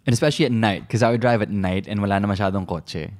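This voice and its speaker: Loud, playful Filipino man. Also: on the low side, very fast. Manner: loud, playful and self-mocking. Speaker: podcast co-host. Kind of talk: casual couple chat, mixing English and Tagalog.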